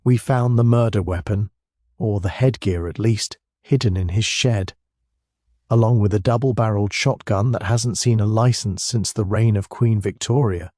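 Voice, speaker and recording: An actor voicing a blustering, pompous police chief inspector who bellows and sneers. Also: male voice, fairly low pitch, moderate pace, mellow, no room sound, studio quality, natural voice.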